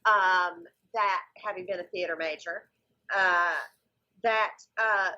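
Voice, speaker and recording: A woman's voice: lowish voice, steady tone, slow, sharp tone, muffled recording. A woman comedian chatting as a podcast guest, talking at length with enthusiasm. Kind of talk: casual podcast chat.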